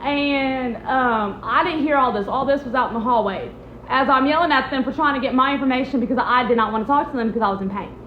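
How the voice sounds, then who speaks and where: A young woman with a high, bright voice tells a personal story in a loose, chatty way. She acts out other people's lines with sudden jumps in her voice. The sound is a bit muffled and echoes off the room. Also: fast, slight background noise. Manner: animated, acts out quotes with big pitch jumps. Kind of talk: casual storytime vlog.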